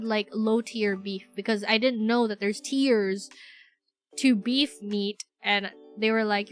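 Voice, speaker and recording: Young female streamer from the Philippines, bright forceful voice, rambly and giggly, faint music underneath. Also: on the high side, steady tone, unhurried. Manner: rambling, giggly, filler-heavy, self-mocking. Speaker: VTuber streamer. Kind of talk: casual livestream chat.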